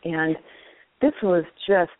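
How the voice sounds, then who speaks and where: Woman guest on a call-in radio show, animated, earnest storytelling, phone-line sound. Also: fairly low pitch, slow pace, dry recording. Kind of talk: casual interview storytelling.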